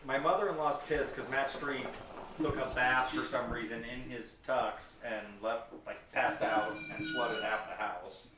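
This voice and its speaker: A podcast host telling profane stories in casual chat with friends. He is animated and laughs often. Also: mid-range voice, unhurried, noisy background. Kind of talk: casual storytelling among friends. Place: patio with friends. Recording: roomy sound, distant mic.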